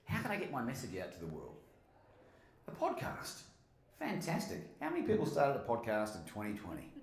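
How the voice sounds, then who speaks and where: An Australian man from Melbourne, a motivational speaker and podcast host, gives an animated live keynote and tells stories while asking the audience questions. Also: mid-range voice, fairly quick, a little hiss or hum. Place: conference hall with a live audience. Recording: roomy hall sound.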